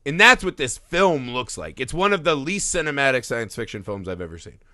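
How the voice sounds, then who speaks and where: A man's voice: medium pitch, expressive, a little fast, pushed and bright, no echo. A man co-hosting a film podcast, riffing in casual chat, profane and laughing, dropping into mocking voices. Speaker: podcast co-host.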